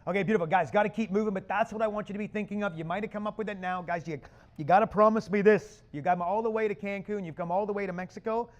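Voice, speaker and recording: A man presenting a live business seminar to an audience, loud, punchy and casual with slang. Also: sits high, steady tone, fast talker. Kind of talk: energetic live seminar talk. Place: conference room with an audience.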